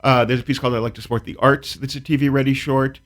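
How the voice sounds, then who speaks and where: A man's voice: medium pitch, steady tone, quick pace. A man, a comedian guest, telling a comic story in a dry, precise, wry way, then chatting casually about his work. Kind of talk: casual talk-show chat.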